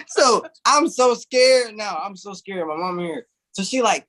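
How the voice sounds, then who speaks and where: Guest, male, fairly high voice, loose animated storyteller, slangy, says "bro" a lot. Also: normal speed. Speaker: interview guest. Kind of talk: casual storytelling.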